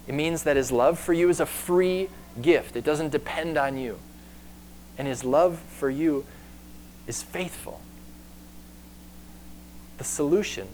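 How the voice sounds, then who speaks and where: A man's voice: mid-range voice, rough recording. Earnest male preacher with faint hum. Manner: earnest, varies pace and loudness for emphasis. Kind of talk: sermon.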